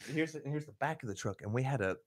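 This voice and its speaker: A young adult man hosting a podcast, telling a crude story with animated, profane energy and frequent laughter. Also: medium pitch, very fast. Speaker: podcast host. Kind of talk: casual storytelling.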